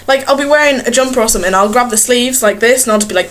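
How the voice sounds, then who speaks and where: On the high side and very fast, a young woman vlogs casually to her webcam in a small bedroom. The talk rambles, broken up by giggles at her own expense.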